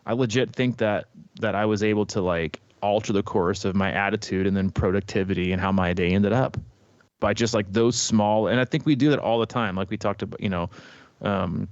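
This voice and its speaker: A man's voice: on the low side, a little fast, dry recording, highs cut off. A man co-hosting a podcast, rambling candidly through everyday stories and swearing now and then. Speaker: podcast co-host. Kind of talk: casual podcast chat.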